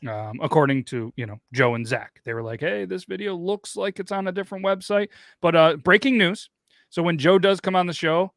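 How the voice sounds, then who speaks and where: A man's voice: medium pitch, fairly bright tone, dry recording, clean studio sound. A man hosting a casual podcast, chatting as he reacts to online videos, rambling with fillers and restarts. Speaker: podcast host.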